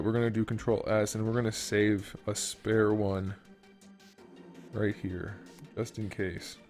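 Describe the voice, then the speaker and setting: A man's voice: medium pitch, a little mellow. A man hosting a casual modeling tutorial, rambling and thinking aloud while he works. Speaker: YouTube host and 3D modeler.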